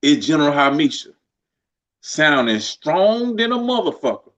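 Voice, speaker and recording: A man telling stories in a laid-back, colloquial way, often pausing with fillers. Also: a little high, big pitch swings, a bit bright. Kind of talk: casual conversation. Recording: slightly dull lo-fi sound.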